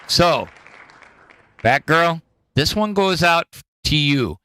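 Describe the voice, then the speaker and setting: Animated Midwestern man pitching gifts. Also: slow pace, pauses often, no room sound, some chatter behind. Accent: Midwestern American. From Wisconsin. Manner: hyped salesman-style pitching, swings up to loud bursts. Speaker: podcast host. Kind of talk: casual chat, gift pitches.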